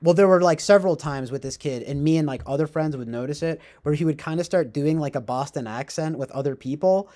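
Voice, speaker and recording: A young man hosting a livestream, musing out loud in a rambling way, full of fillers, self-corrections and little chuckles. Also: a little high, a little fast, hardly any pauses. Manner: chuckles often while talking. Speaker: livestream host. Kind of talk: casual rambling livestream talk.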